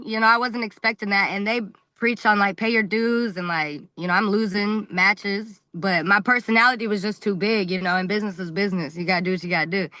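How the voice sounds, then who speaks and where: A woman wrestler talks as a podcast guest, telling stories bluntly with lots of swearing and laughter. Her voice is bright and forceful, recorded close and dry. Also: medium pitch, no room sound. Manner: animated, blunt, swears freely, laughs often. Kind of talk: casual storytelling interview.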